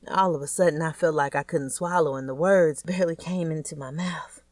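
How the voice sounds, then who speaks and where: A woman's voice: sits low, a little fast, few pauses, a little mellow, dry recording. A woman narrating a first-person audiobook in a blunt, crude, streetwise way.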